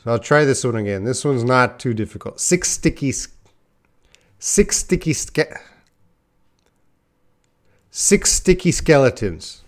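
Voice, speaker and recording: A man's voice: medium pitch, animated, a little slow, pauses often. A man giving a casual live-stream lesson, chatting to viewers by name and laughing at his own slips. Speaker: English teacher.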